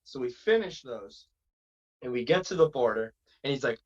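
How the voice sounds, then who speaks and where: A man's voice: mid-range voice, lively intonation, moderate pace, lo-fi sound. A man from Massachusetts, a wrestler, telling a long road-trip story in a rambling, casual way. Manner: rambling, acts out quotes in other voices. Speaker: wrestler guest.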